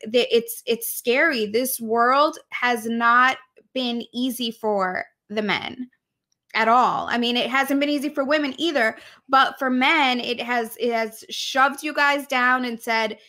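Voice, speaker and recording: A woman co-hosts a casual podcast conversation, speaking with an effusive, heartfelt warmth and frequent laughter. Her voice sits a little high and sounds bright and sharp. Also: steady tone, unhurried. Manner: warm, gushing, laughs often. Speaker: podcast co-host.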